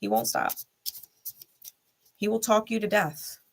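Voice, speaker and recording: A woman's voice: medium pitch, big pitch swings, measured pace, vocal fry, slight background noise. A woman speaking bluntly in a candid vlog monologue, swearing often and repeating short heated lines straight to the listener. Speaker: tarot reader and channel host.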